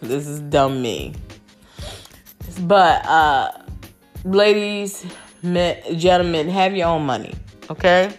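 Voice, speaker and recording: A woman's voice: lowish voice, slow, pauses often, soft background music. Chatty woman telling a dating story. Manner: animated, chatty, swears casually, quotes others in raised voices. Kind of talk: casual storytelling to camera.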